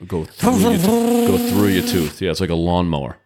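A man's voice: low voice, wildly swooping pitch, background noise. A man from southeastern Massachusetts with a mild Boston-area accent, chatting casually as a podcast co-host in a small home gym room. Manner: easygoing, joking banter with quick agreement. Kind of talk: casual chat.

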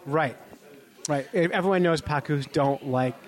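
A man from California co-hosting a podcast, chatting casually with joking quick asides. His voice sits a touch high. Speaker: podcast co-host. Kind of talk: casual chat.

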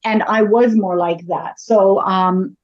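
A woman's voice: medium pitch, steady tone, takes it slowly, a little mellow, highs cut off. A woman, a psychic medium, talking casually in an interview as a chatty, self-deprecating storyteller.

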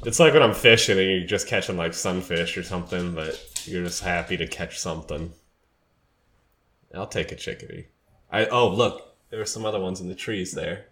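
A man's voice: deep voice, moderate pace, a bit bright, slight background noise. Laughing Southern man co-hosting. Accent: American Southern. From North Carolina. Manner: laughs often, joking. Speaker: podcast co-host. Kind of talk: casual chat.

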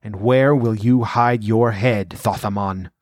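A man voicing a scheming, ambitious outlaw noble who speaks in a measured, scornful, domineering way. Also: fairly low pitch, steady tone, no echo, studio quality, close to an everyday voice. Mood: threatening.

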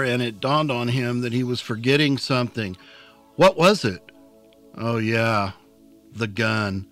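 A man narrating an audiobook chapter in a calm, unhurried storytelling manner. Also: mid-range voice.

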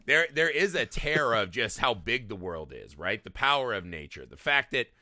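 A medium-pitched man co-hosts a podcast about films, chatting casually and profanely at a moderate pace. He's animated and keeps tacking "right?" onto his sentences, in clean studio sound with no echo.

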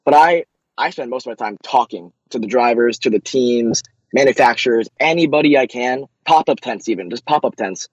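A young man, a racing driver, answering interview questions eagerly, with many quick restarts. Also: medium pitch, husky, dry recording, dull audio.

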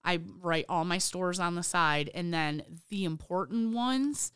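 A woman's voice: lowish voice, measured pace, fairly bright tone, smooth, no room sound, clean studio sound. A woman talking casually as a guest about her merchandising job, swearing freely and telling stories with energy. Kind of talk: casual chat.

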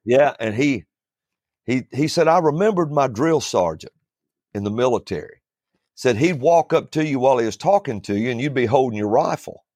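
A man who preaches, telling stories in a relaxed chat, often restarting his sentences and chuckling as he goes. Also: medium pitch, dry recording, clean studio sound. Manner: rambling, starts over often, chuckles through stories. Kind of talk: storytelling in a casual panel chat.

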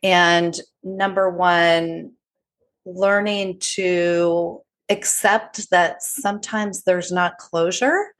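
A woman's voice: lowish voice, fairly even intonation, very slow, fairly bright tone. A woman hosting a casual podcast conversation, friendly and agreeable as she talks things through.

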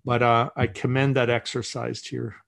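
A man's voice: mid-range voice, little pitch movement, normal speed, creaky, fairly bright tone. A middle-aged man as a podcast guest, telling a story in casual conversation and acting out the voices he quotes, with many restarts.

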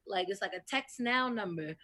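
A woman in a heated casual group discussion, talking emphatically and getting louder when outraged. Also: medium pitch, animated, moderate pace.

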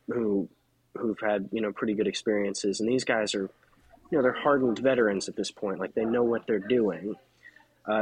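A man's voice: lowish voice, a little hiss or hum, rough recording. A man from the United States, a freelance journalist and podcast guest, speaking candidly and thinking aloud with restarts. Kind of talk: casual podcast conversation.

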